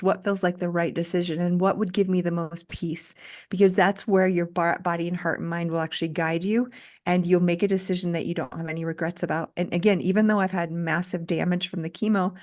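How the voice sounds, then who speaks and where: Earnest, encouraging woman, lower voice. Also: a little mellow. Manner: earnest, encouraging, lists lessons step by step. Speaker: guest doctor. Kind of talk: interview conversation.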